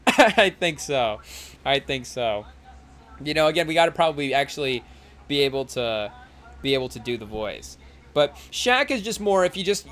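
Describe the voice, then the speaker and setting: A man's voice: fairly high pitch, fairly bright tone, slight background noise. A young man hosting a podcast in casual chat while watching a live game, rambling and often saying "hey, yo" and addressing the chat. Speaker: podcast host.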